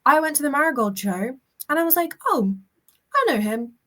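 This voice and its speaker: Woman, guest on a casual podcast chat, chatty storyteller, higher voice. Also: expressive, brisk, fairly bright tone. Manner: chatty storyteller with many restarts.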